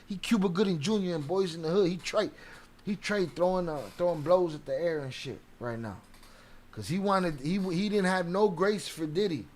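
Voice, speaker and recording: A man hosting a casual livestream, talking animatedly and profanely while greeting viewers from the chat. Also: high voice. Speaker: livestream host.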